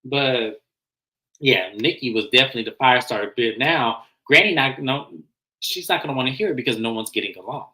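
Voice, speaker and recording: A man casually recapping and reviewing a reality TV episode, animated and slangy, acting out what people said. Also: medium pitch, fairly quick, poor audio. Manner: animated, acts out quotes, slangy.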